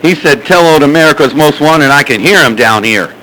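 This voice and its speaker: A man's voice: on the high side, expressive, fairly quick, pushed and bright, poor audio. A man chatting casually over CB radio from his home radio room, with a folksy, playful drawl full of slang nicknames. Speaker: CB radio operator.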